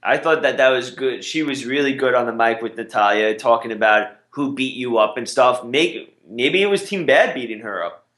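A man chats casually as a podcast co-host, his laid-back talk full of fillers and trailing thoughts. His mid-pitched voice sits in a roomy, echoey space on a home mic. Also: expressive, moderate pace, fairly bright tone. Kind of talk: casual wrestling recap chat.

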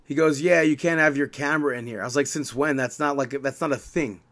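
A New man tells a venue story on his podcast, his voice sitting a little high. He acts out both sides of the argument and grows more and more irritated. It is a casual, chatty retelling. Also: fast talker. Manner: animated, exasperated retelling with quoted dialogue. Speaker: podcast co-host.

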